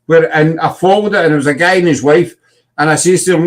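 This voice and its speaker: Man, Scottish accent, fairly high voice, rambling storyteller, casual chat. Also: fast talker.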